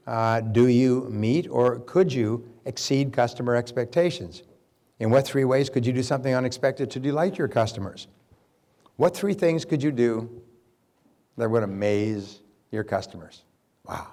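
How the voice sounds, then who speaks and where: A man's voice: mid-range voice, unhurried. Man telling a seminar story. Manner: lively storyteller, frequent restarts. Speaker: business speaker and sales coach. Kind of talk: seminar talk with anecdotes.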